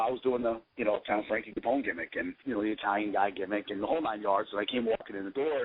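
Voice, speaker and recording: A man, a pro wrestler guest, telling casual stories in a rambling, profane, jokey way. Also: mid-range voice. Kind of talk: casual storytelling. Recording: tinny phone line.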